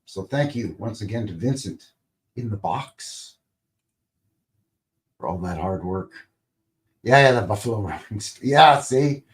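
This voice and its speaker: A man's voice: fairly low pitch, lively intonation, unhurried, long pauses. A man hosting a live stream, chatting casually in a rambling, playful way and tossing in goofy sound effects. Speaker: livestream host.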